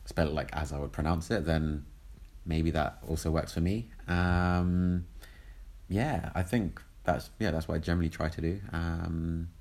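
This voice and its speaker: A man co-hosting a casual chat, talking in a hesitant way with many pauses and fillers. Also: sits low, fairly even intonation, a little mellow. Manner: hesitant, lots of ums and restarts.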